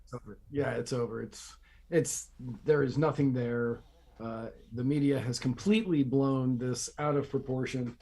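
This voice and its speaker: A man's voice: medium pitch, normal speed, gravelly, mellow. Sarcastic ranting male podcast host. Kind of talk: casual political commentary.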